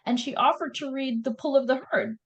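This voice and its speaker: A woman's voice: sits high, fairly even intonation, a little fast, lo-fi sound. A woman with a Canadian accent, a guest author chatting animatedly about her writing in an interview. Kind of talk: casual interview chat.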